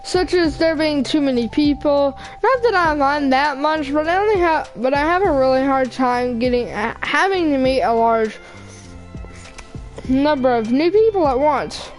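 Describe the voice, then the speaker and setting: A woman reading a visual novel aloud, voicing a shy, bookish teenage girl who talks haltingly and apologetically. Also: high-pitched, lively intonation, faint music behind, poor audio. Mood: nervous. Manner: halting, apologetic, stumbles over words.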